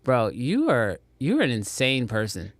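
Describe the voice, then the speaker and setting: A man's voice: mid-range voice, wildly swooping pitch, measured pace, dry recording. A young man hosting a live stream, bantering and protesting in mock outrage at his friends. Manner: playful, exaggerated protests. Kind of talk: casual joking chat.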